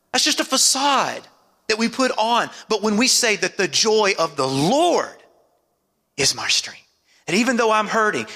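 Gravelly high-voiced preacher in a reverberant hall. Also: male voice, bright, forceful tone. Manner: preaching with call-and-response asides and dramatic drops in pitch. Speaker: pastor. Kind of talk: sermon.

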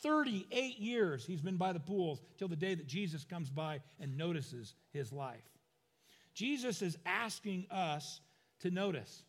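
A man's voice: sits high, animated, a little slow, big-room sound. A middle-aged man preaching a sermon, telling stories with humorous asides and acting out the quoted lines. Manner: acts out quoted lines in voices. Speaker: pastor.

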